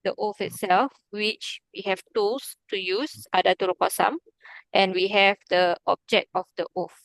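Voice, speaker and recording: A woman's voice: medium pitch, steady tone, unhurried, no echo. A woman teaching an Arabic grammar lesson online, patiently checking in with her student by asking "okay?" and "right?".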